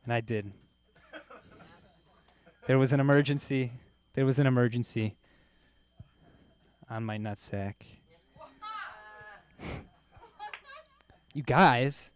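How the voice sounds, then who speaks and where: A man's voice: mid-range voice, slow pace, pauses often. A man doing a loose, self-mocking stand-up set on a comedy club stage, laughing at his own jokes.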